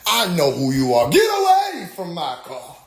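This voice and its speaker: A man's voice: on the high side, wildly swooping pitch, normal speed, roomy sound. A man putting on a scandalized male pastor who makes indignant, accusing outbursts. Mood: outraged.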